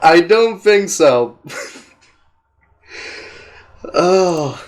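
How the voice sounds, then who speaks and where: A man hosts a casual reaction chat, his voice sitting fairly high and swinging with lively, animated shifts. He laughs readily and sounds exasperated, with frequent swearing. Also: drawn-out words. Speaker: host.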